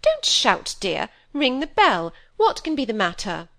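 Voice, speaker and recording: A woman voicing a fretful, self-absorbed middle-aged stepmother in an audiobook, speaking high and complaining. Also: huge pitch swings, measured pace, a bit bright, heavily acted.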